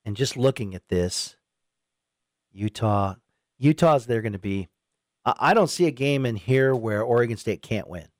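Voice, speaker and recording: A man's voice: mid-range voice, moderate pace, no echo, studio quality. A man hosting a sports talk radio show, chatting casually and acting out fans' reactions in a raised voice. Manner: animated, quotes imagined fans in raised voice. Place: radio studio.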